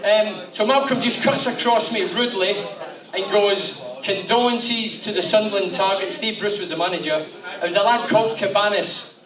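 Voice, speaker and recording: A man in his fifties, with a fairly high voice, spins loose, swearing anecdotes for a room of listeners. He sounds far from the mic in an echoey hall, with the crowd around him. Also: normal speed. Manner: animated, swearing storyteller. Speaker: guest speaker. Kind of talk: after-dinner anecdotes. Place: function room with audience.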